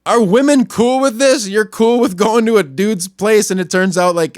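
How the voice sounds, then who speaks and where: Ranting podcast host, male, high-pitched, dry close sound, crude and angry, mutters then yells. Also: normal speed, dry recording. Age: adult, not much older than a young store clerk. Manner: angry, crude, swings between muttering and yelling. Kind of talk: profane ranting monologue.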